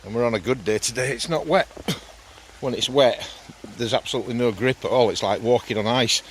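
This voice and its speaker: A man in his fifties from England with a Yorkshire accent chats casually while walking his dog through hilly countryside, slightly out of breath. His medium-pitched voice is brisk, and he's rambling and swears casually, with a little hiss or hum on the audio.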